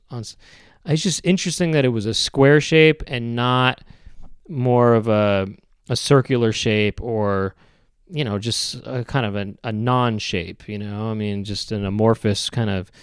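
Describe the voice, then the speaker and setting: A man hosting a podcast, rambling through a comedic monologue in a halting, hesitant way with many restarts and drawn-out phrases. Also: mid-range voice, clear, resonant tone, no room sound, clean studio sound. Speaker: podcast host.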